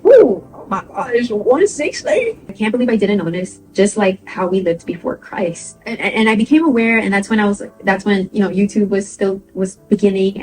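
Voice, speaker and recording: A woman's voice: medium pitch, poor audio. A young woman vlogger chatting casually as she tells a personal story, laughing often and acting out what people said. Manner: chatty and animated, laughs often, acts out quoted voices.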